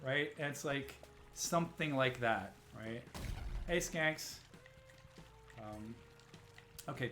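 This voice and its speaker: A man's voice: medium pitch, fairly bright tone. A man streaming a platform game live, rambling and musing aloud, often breaking off mid-sentence and asking "right?". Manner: rambling, self-interrupting, says "right?" often. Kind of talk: casual live-stream commentary. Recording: roomy echo, faint music.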